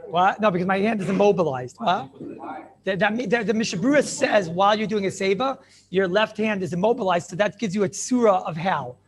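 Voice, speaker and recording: A man teaching a lively Torah class as a rabbi, playful and theatrical, mixing in Yiddish and Hebrew terms. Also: high voice, fairly quick, echoey room.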